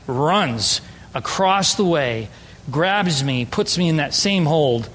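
A man's voice: fairly high pitch, animated, slow, a bit bright. A man preaching an emphatic, story-driven sermon as a pastor. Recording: long hall reverb.

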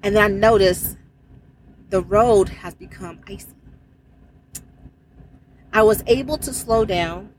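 Animated woman telling a testimony. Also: mid-range voice, slow pace, long pauses, a little hiss or hum, rough recording. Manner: animated, emphatic storytelling with exclamations and prayer. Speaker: truck driver telling a testimony. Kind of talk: casual spoken testimony.

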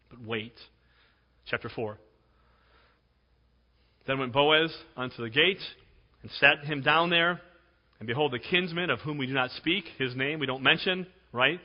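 A man preaches in a conversational, storytelling way, doubling words for emphasis. His voice sits a little high for a man. The sound is dull and carries a long reverb, as in a large hall. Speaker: pastor. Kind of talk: sermon.

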